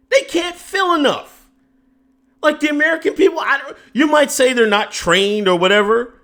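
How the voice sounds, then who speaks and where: A man's voice: very high voice, a bit bright. A man hosting a casual political commentary stream, rambling off on tangents and restarting his sentences, emphatic and exasperated. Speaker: host.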